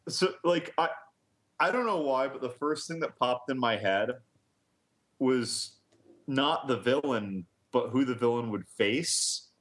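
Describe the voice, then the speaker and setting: A man's voice: medium pitch, expressive, measured pace, fairly bright tone. A man co-hosting a podcast in casual chat, rambling and hesitant, laughing at his own riffs. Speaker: podcast co-host.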